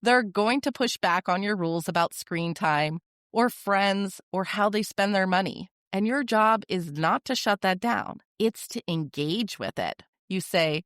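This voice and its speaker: A woman hosting a parenting podcast, giving advice in a calm, firm, direct manner with short, deliberate sentences. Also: mid-range voice, no echo, clean studio sound. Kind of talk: scripted advice monologue.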